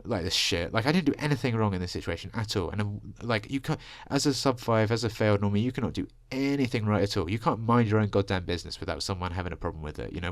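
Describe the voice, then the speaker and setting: A young man talks fast and low in a long profane rant, stringing thoughts together with "like" and "you know." His voice sits deep, and the recording is close and dry with no room sound. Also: no echo. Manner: ranting, profane, filler-heavy with frequent "like" and "you know". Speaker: vlogger. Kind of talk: rambling personal monologue. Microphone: desk microphone.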